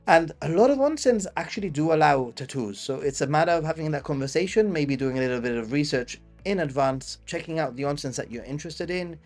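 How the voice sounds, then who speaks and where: A man's voice: medium pitch, darkish tone. A man with a Gibraltarian English accent hosting a live-stream travel Q&A, chatting casually and answering viewers off the cuff. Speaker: travel channel host.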